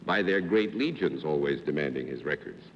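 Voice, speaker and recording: A man's voice: a bass voice, lively intonation, normal speed. A man hosting a live television panel show, courteous and formal, keeping score and calling on panelists. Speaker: game show host. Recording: lo-fi 1950s broadcast with hall reverb and faint hiss.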